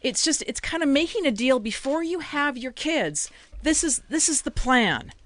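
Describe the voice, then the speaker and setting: Lively high woman, halting. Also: no echo. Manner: hesitant, many restarts. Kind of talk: casual chat.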